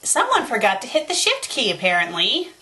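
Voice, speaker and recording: A woman's voice: fairly high pitch, wildly swooping pitch, fairly quick, bright, forceful tone. A woman hosting a critique show, reading a bad fanfiction aloud and breaking off into exasperated, mocking rants. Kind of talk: sarcastic dramatic reading with commentary.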